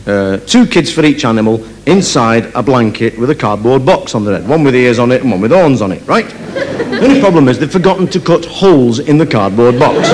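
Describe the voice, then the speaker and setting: A man doing live stand-up storytelling on stage, chatty, with many asides of "right?". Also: medium pitch. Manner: chatty, keeps adding "right?". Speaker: stand-up comedian. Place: opera house stage. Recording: live concert recording with audience.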